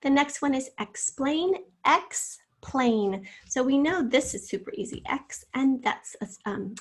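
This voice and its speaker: A woman's voice: a little high, husky. A woman teacher giving a recorded spelling lesson, explaining each word patiently and step by step.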